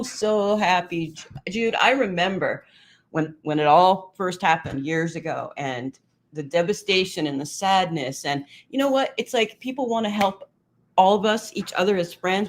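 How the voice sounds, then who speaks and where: A middle-aged woman hosting a casual livestream, chatting warmly with viewers and reading their comments aloud, laughing often. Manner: chatty and emotional, laughs often, lively pitch. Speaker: livestream host.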